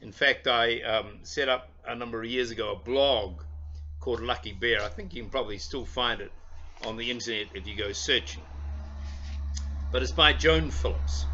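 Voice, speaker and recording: An older man, a minister, giving a chatty children's talk from his home porch, pausing often with little fillers. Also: mid-range voice, dull audio. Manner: warm, chatty, halting with fillers. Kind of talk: children's talk with storybook reading.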